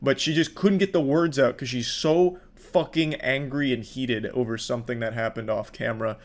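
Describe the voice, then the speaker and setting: A man giving profane, sarcastic commentary on viral videos in a deadpan delivery. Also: medium pitch, normal speed. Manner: sarcastic, deadpan, swears constantly. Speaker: online commentary host.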